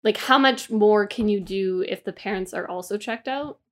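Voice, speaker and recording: A woman's voice: medium pitch, moderate pace. A woman co-hosting a casual podcast chat, rambling with lots of fillers and swearing freely. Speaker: podcast co-host.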